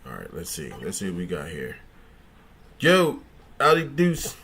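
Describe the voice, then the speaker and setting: A man's voice: low-pitched, huge pitch swings, measured pace, sharp tone, breathy edge. A man hosting a casual gaming livestream, joking and cursing as he thinks aloud and talks back to his chat. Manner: thinks aloud, trailing restarts.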